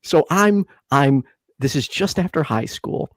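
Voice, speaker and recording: A man's voice: a little slow, no room sound. A man in his twenties, co-hosting a casual podcast, telling a story and acting out quotes in a raised voice. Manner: animated, acts out quotes in a high voice. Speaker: podcast co-host.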